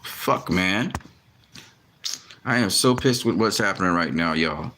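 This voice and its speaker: A man's voice: low-pitched, lively intonation, unhurried, bright, forceful tone, slight background noise. Fed-up man ranting to his camera. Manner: frustrated, heavy swearing, many restarts. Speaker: boxing commentary vlogger. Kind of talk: casual talk to camera.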